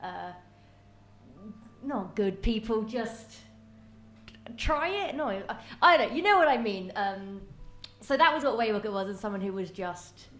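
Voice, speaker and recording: A woman's voice: medium pitch, animated, a little slow, pauses often, a bit bright, echoey room, soft background music. A British woman, a player on stage, answering a question at a live Q&A in a rambling way, with many fillers. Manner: rambling, full of filler and self-correction. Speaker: player on the panel. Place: small theatre with a live audience.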